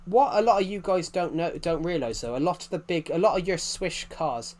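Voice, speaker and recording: A man's voice: on the high side, a little fast, a little mellow. Rambling English man streamer, chatty. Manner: rambling, repeats and restarts phrases. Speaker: live streamer reading chat. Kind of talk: casual chat to stream viewers.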